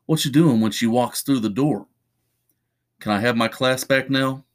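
Creepy flat monotone ghost-lady voice, a man putting it on, keeps nagging, horror story. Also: medium pitch, normal speed, natural voice. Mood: eerie. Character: eerie monotone female voice from nowhere.

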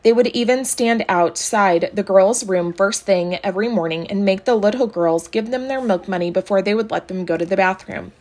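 Woman calmly reading a children's novel. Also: medium pitch, moderate pace, few pauses. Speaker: audiobook reader. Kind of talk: storybook narration.

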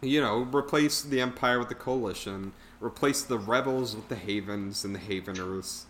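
A man's voice: lowish voice, normal speed, fairly bright tone. A man casually reviewing a bad film on a podcast, rambling with lots of fillers and laughs. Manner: rambling, filler-heavy, laughs at own jokes. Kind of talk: casual chat.

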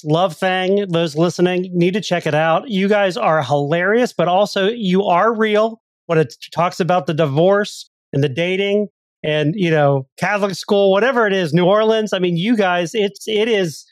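A man's voice: high voice, no echo. A man co-hosting a podcast interview, enthusiastic and chatty with plenty of fillers. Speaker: podcast co-host. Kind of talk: casual interview.

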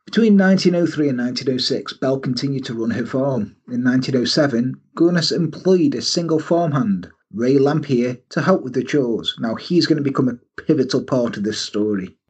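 Husky man telling a story animatedly. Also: mid-range voice, brisk, hardly any pauses. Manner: animated, laughing, bursts into silly voices. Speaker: podcast host. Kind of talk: casual storytelling chat.

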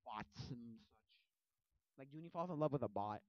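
A man rambling through a casual movie recap at his computer, full of fillers and animated asides. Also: mid-range voice, moderate pace, no room sound. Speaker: movie vlogger. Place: home desk at a computer. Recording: dull lo-fi audio, dry.

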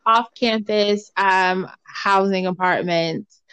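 A young woman co-hosting a podcast, telling a story in casual chat, full of fillers, and acting out other people's lines in lively voices. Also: medium pitch, slow pace, smooth, dry recording, highs cut off. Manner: animated, acts out quoted voices, lots of fillers.

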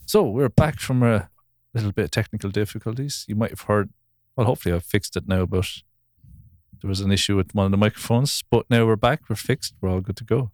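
A man's voice: fairly low pitch, brisk, no echo, clean studio sound. A man hosting a podcast, rambling through stories in casual chat and laughing easily. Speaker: podcast host.

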